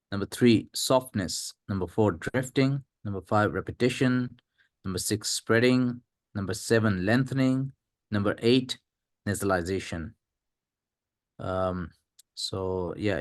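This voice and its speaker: A man reading a textbook aloud in class, halting over unfamiliar terms. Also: on the low side, no echo, clean studio sound. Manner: reads lists haltingly, unsure of terms.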